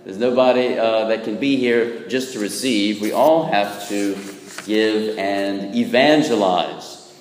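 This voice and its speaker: A man's voice: lowish voice, slow pace, slight background noise. A man, a Catholic priest, preaching a homily with a folksy, humorous manner, often checking in with "right?". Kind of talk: sermon. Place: church. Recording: echoey church with long reverb.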